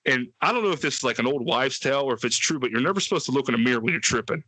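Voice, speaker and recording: A man's voice: mid-range voice, rapid-fire, no room sound. A man telling a wild story on a casual podcast, swearing freely and acting out quotes in a raised voice. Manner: profane, animated, acts out quotes with a raised voice. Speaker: podcast co-host.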